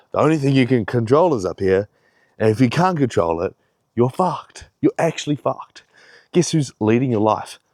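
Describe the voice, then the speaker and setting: A man's voice: medium pitch, darkish tone, dry recording, studio quality. A young man giving a rambling, heavily profane pep talk in a casual vlog, a little out of breath. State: slightly out of breath. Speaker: fitness vlogger.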